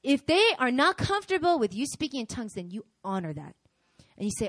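A middle-aged woman pastor preaching a sermon in an animated way, acting out voices as she tells examples. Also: fairly high pitch, fairly quick, no echo. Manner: animated, acts out quoted voices.

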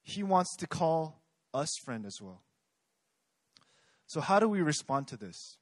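A man's voice: on the high side, big pitch swings, measured pace, no echo. Young man preaching a casual sermon. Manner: conversational, asks the audience questions.

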